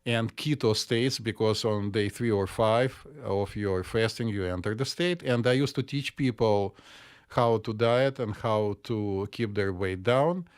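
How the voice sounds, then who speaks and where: A man's voice: fairly low pitch, a little slow, clear, resonant tone. A middle-aged man from the former Soviet Union, a psychiatrist co-hosting a casual chat with dry jokes and slightly stiff phrasing. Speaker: podcast co-host, psychiatrist.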